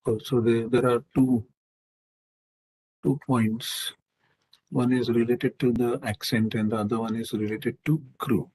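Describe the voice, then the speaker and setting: A man answering questions in a live online lecture, in a measured, explanatory way and using technical Sanskrit terms. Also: medium pitch, flat delivery, a little mellow, breathy edge, rough recording.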